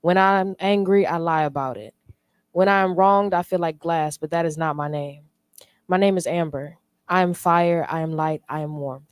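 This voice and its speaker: A young woman reading her own spoken word poem in a steady recited cadence. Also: fairly low pitch, normal speed, clear, resonant tone, no echo. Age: young adult.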